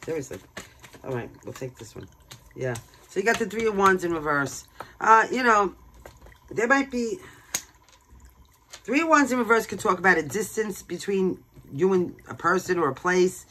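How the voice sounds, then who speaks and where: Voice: medium pitch, expressive, moderate pace, pauses often, bright, forceful tone, slight background noise, rough recording. Blunt tarot reader. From Brooklyn, New York. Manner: blunt and emphatic, swears freely. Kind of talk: casual tarot card reading.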